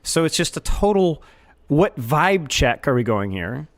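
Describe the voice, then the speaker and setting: A man playing a casual gaming quiz as contestant, stammering and mocking himself as he thinks out loud. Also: a little high, measured pace. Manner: stammering, animated, self-mocking.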